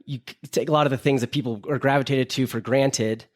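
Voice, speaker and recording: Fast-talking podcast host guy, laid-back, mostly short reactions. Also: mid-range voice. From Utah. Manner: brief reactions and relaxed agreement. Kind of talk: casual chat.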